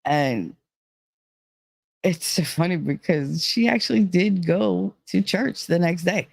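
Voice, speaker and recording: A woman's voice: lowish voice, takes it slowly, creaky, a little mellow, no room sound. Woman rambling thru a story, lots of like and you know, dry close sound. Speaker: vlogger. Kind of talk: casual storytelling.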